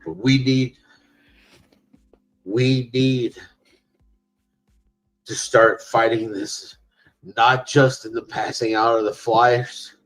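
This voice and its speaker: Earnest male speaker, measured pace, repetitive emphasis, faint music behind. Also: mid-range voice, steady tone, fairly bright tone, poor audio. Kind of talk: livestream speech.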